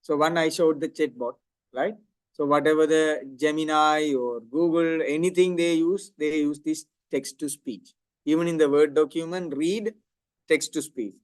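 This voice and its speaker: A man's voice: fairly high pitch, fairly even intonation, normal speed, a little mellow, no room sound. A middle-aged man lecturing on audio and speech technology, explaining step by step and often checking in with "right?".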